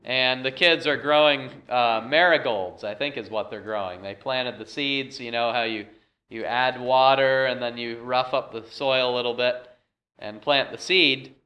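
A man's voice: medium pitch, a little slow, bright, forceful tone, lo-fi sound. A man preaching a sermon as pastor, moving from a homey story into emphatic repeated scripture lines.

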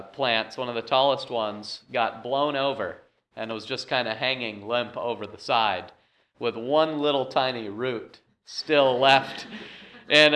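Slow-talking bright-voiced male pastor. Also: medium pitch. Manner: illustrative storytelling, emphatic scripture repetition. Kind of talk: sermon.

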